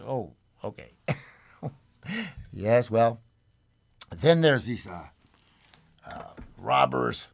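Gravelly, slow-talking male radio host. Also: mid-range voice, expressive. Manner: loose, joking, rambling. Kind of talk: casual on-air radio chat.

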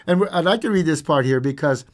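Speaking quickly and with lots of animation, a man with a fairly high-pitched voice hosts a radio show. Between singing with his guitar in the studio, he chats casually, playful, rambling, and self-mocking.

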